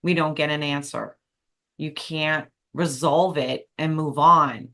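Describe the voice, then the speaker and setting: This podcast host is a woman with a deep voice, a sharp tone, fairly even intonation and a slow pace. She's candid and enthusiastic in a casual interview chat, laughing easily as she goes.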